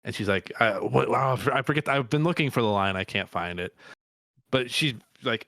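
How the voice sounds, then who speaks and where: Jokey podcast dude, laughs a lot, mid voice, dry mic. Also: male voice, medium pitch, animated, normal speed, bright, forceful tone, no room sound. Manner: wry, laughs often at his own jokes. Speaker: podcast co-host. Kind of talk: casual chat.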